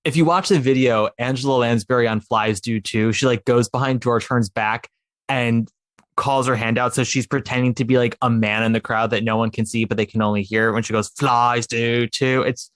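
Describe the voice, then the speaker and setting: A man's voice: mid-range voice, fairly even intonation, fairly quick, a bit bright, dry recording, clean studio sound. A man chatting eagerly as a podcast guest, rambling with many fillers and restarts. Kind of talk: casual chat about musical theatre.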